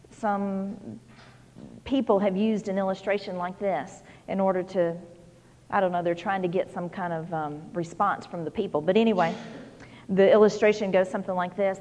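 A woman's voice: medium pitch, darkish tone. Woman preacher, mid-range voice, chatty folksy sermon delivery, lingering hall reverb. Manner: conversational, folksy storytelling with many "you know"s.

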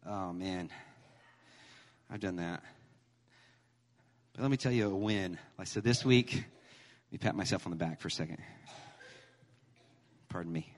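A man in his thirties preaching a sermon as pastor, animated and emphatic, mixing humor with scripture. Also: sits low, measured pace, pauses often. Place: church sanctuary. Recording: long hall reverb.

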